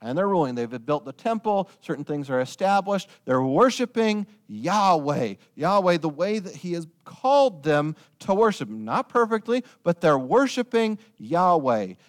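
A man preaching a sermon, retelling a story with lively storytelling and joking asides to his listeners. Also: a little high, measured pace, hardly any pauses.

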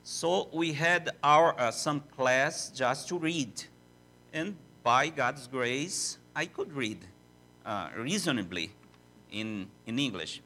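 An older man with a Portuguese accent, a native Portuguese speaker, preaching as a visiting missionary in halting, self-deprecating English. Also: medium pitch, lively intonation, bright, forceful tone. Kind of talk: sermon in a church.

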